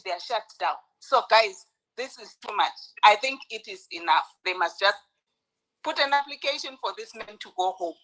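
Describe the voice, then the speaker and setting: A woman's voice: medium pitch, sharp tone, rough recording. A woman from South Africa on a podcast panel, speaking with heated, emphatic indignation. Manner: indignant, emphatic, stacks up complaints. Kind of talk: heated casual commentary.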